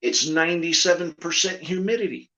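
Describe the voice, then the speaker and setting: A ventriloquist telling a comic story in a chat, a lively storyteller who repeats lines for effect. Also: male voice, fairly high pitch, brisk, slight background noise. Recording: slightly dull lo-fi audio.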